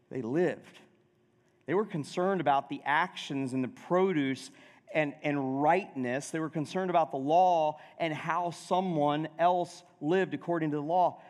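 A male pastor preaching a sermon in a conversational way, asking the congregation questions. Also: fairly high pitch. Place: church sanctuary. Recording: long reverb of a church hall.

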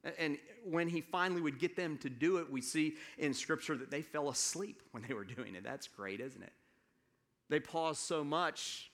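A little high in pitch, a man serving as pastor in the American South tells his congregation a personal story as part of a sermon. He talks in a relaxed, conversational manner, halting and restarting and adding asides to the listeners.

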